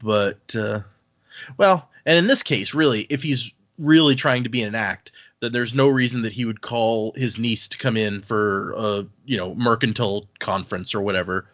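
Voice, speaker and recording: A man hosting a casual book discussion podcast, recapping chapters in an animated way. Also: lowish voice, normal speed, lo-fi sound. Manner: animated recap, acts out quotes. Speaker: podcast host.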